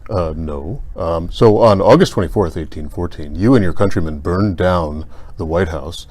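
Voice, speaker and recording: A man voicing a sarcastic stuffed toy bear who hosts a comedic interview, teasing his guest in a deadpan way with many fillers. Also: deep voice, normal speed. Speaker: host.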